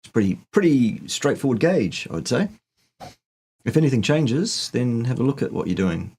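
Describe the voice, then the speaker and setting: A man's voice: mid-range voice, big pitch swings, normal speed, a little mellow, breathy edge. A middle-aged man co-hosting a casual live question-and-answer chat, answering viewers bluntly and teasing them with jokes.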